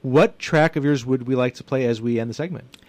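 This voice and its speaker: A man's voice: medium pitch, a little fast, a little mellow, no room sound. A man hosting a radio show, chatting with his guest in an upbeat, encouraging way. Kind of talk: casual radio interview chat. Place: radio studio.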